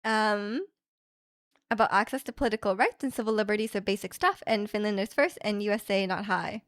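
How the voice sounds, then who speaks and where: Livestreaming from home, a young woman chats in a rambling manner and reads out viewer comments, laughing lightly. Her voice sits at a medium pitch and moves fairly quickly, captured with studio quality and no room sound.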